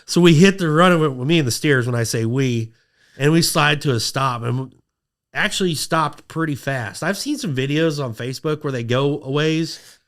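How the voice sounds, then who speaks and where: A man telling a long story on a podcast in a casual, lively way, acting out quotes in a high excited voice. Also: normal speed. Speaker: podcast guest.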